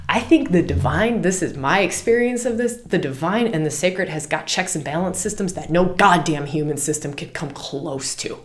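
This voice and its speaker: A woman with a lowish voice hosts a spiritual podcast and talks in an animated, casual way. She repeats key words for emphasis. The recording has a roomy echo. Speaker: podcast host.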